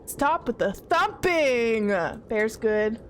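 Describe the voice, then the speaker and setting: A woman's voice: a little high, expressive, slow, slight background noise. A young woman streaming a horror game, jittery and talking to her chat as she checks things off aloud. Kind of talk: casual horror game let's play.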